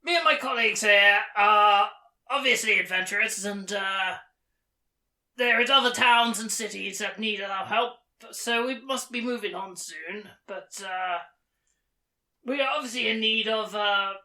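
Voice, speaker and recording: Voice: medium pitch, sharp tone, reverberant, poor audio. A tabletop game player talking politely and hesitantly in character. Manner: polite, hesitant, quick to laugh.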